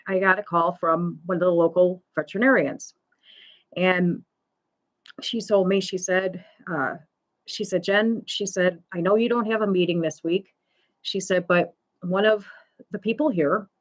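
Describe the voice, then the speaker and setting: A woman hosting a live talk on pet loss, slowly retelling a story in a conversational way, full of fillers and quoted dialogue. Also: on the low side. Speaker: pet loss support host.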